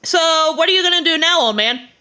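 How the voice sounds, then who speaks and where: A woman's voice: extremely high pitch, expressive, quick pace, sharp tone, voice pushed up, heavily acted. A woman voicing an earnest, protective young heroine while reading game dialogue aloud.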